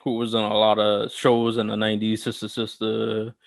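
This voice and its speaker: A man's voice: fairly low pitch, normal speed, vocal fry. Rambling young man in casual podcast chat. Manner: rambling, animated storytelling with frequent restarts. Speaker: podcast co-host.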